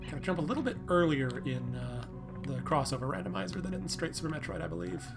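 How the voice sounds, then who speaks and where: Tired dude streaming, kinda high voice, easygoing, talks to himself, game music quietly behind. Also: male voice, fast, vocal fry. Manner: relaxed, self-deprecating, thinks aloud. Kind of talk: casual live-stream commentary.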